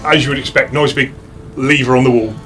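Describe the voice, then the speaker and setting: A British man narrates a tabletop game as dungeon master, talking casually and stopping to restart his sentences. His voice sits at an ordinary middle pitch. Clear music plays underneath him. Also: steady tone. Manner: casual, halting, lots of restarts and fillers.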